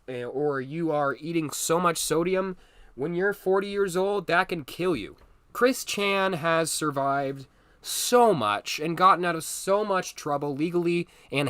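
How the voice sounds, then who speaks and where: Male commentary host, blunt and emphatic, bright tone, dry close sound. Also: a little high, no echo. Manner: blunt and emphatic, repeats words for stress. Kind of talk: solo commentary monologue.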